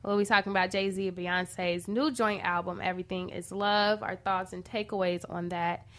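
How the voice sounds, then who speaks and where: A woman's voice: mid-range voice, steady tone, fairly bright tone. Chatty woman hosting a talk show. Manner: chatty, with frequent "um" pauses. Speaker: radio show host. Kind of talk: casual talk-show chat.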